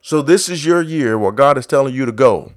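Male preacher, mid-pitched, quiet start rising to a rousing, repetitive call. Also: expressive, fairly quick. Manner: starts low and quiet, builds to loud exhortation with repeated refrains; acts out biblical voices in quoted speech. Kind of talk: sermon.

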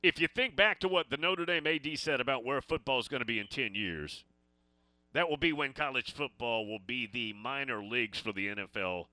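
A man's voice: medium pitch, a little fast, pushed and bright, no echo. A man hosting a sports call-in radio show, talking casually and rambling between stories and listener messages.

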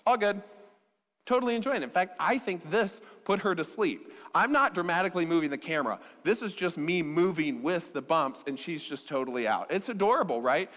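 Guy pastor preaching, kinda high voice, chatty and jokey, long echo in a big hall. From American Midwest. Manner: conversational, joking, animated storytelling. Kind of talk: sermon.

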